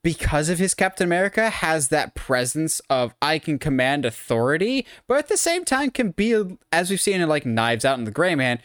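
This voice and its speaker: A podcast co-host in a casual chat, animated and sarcastic, with mock quotes thrown in. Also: mid-range voice, a little fast, few pauses, no echo, clean studio sound. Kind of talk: casual chat about movie casting.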